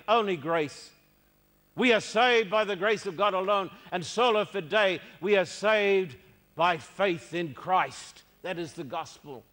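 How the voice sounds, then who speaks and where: A man's voice: sits high, a bit bright, in a large hall. A man preaching a sermon, emphatic and repeating his key phrases.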